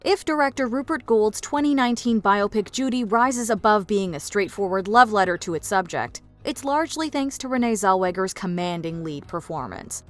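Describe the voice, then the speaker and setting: A woman giving polished, even, scripted narration for a film countdown. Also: mid-range voice, moderate pace, hardly any pauses, faint music behind.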